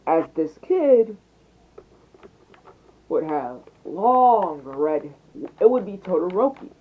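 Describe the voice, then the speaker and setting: Young man narrating an improvised fan story; rambling, lively pitch, tinny phone recording. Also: slow, slight background noise. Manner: rambling, hesitant, with restarts.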